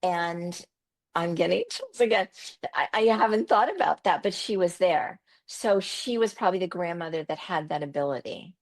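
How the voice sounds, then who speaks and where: A middle-aged woman telling personal stories in an animated conversational way, repeating words for emphasis. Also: on the low side, moderate pace. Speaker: podcast host as interview guest. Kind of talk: conversational storytelling.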